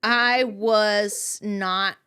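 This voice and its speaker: A young woman co-hosting a podcast, telling a story in a blunt, animated way, swearing freely. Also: mid-range voice, drawn-out words, a little hiss or hum. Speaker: podcast co-host. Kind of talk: casual chat.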